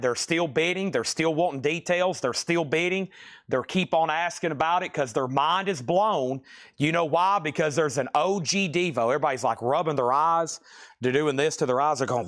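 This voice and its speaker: A man's voice: fairly high pitch, a bit bright. Hyped man calling a live record auction. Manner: hyped, rapid auction patter with mock quoted reactions. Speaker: live sale host.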